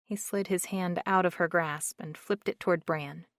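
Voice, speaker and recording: A woman narrating an audiobook in a slow, measured reading. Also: on the low side, fairly even intonation, no echo, studio quality.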